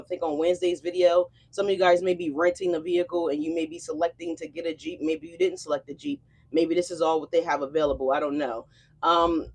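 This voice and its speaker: With a lowish, darkish voice, this woman hosts a tarot reading in a relaxed, chatty style. She uses slang and checks in with viewers again and again, saying "okay?" and "y'all."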